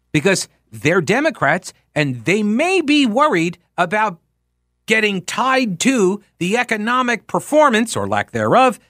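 A male talk radio host in a dry, close studio sound. His pitch swings widely as he rants with sarcastic exasperation, and his voice sits a little high for a man. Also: sharp tone, dry recording. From United States. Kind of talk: political talk radio monologue. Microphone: studio microphone.

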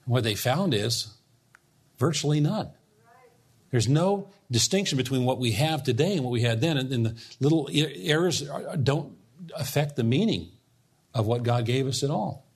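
A man's voice: mid-range voice, animated, moderate pace, husky. A man preaching a sermon as pastor, teaching earnestly and putting questions to his congregation.

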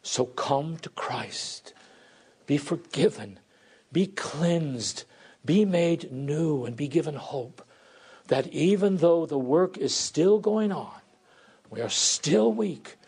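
A middle-aged pastor preaching a sermon in an earnest, pleading way. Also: male voice, a little high, lively intonation, slow, gravelly, darkish tone, breathy edge. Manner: earnest, pleading, voices prayers and God's replies.

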